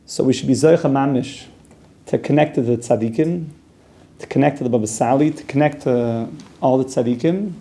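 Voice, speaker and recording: A man's voice: medium pitch, brisk, gravelly, warm tone. A man giving a casual, conversational Torah class, dropping Hebrew and Yiddish terms into plain talk. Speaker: yeshiva teacher.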